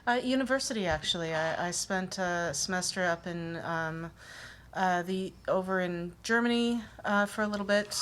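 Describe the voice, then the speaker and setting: A woman's voice: on the low side, normal speed, fairly bright tone, a little hiss or hum, natural voice. A woman voicing a shy young female music graduate student who answers politely with many hesitations.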